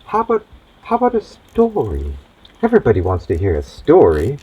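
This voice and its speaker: A man's voice: medium pitch, wildly swooping pitch, fairly quick, husky, phone-quality sound. A man hosting a comic monologue in a theatrical, hammy mad-doctor persona. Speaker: host.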